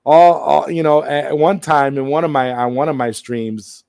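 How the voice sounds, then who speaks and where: A man's voice: on the high side, fairly even intonation, normal speed, vocal fry, a little mellow, clean tone, no room sound, clean studio sound. Rambling male live-stream host. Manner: rambling, restarts often, greets chat viewers. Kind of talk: casual live stream chat.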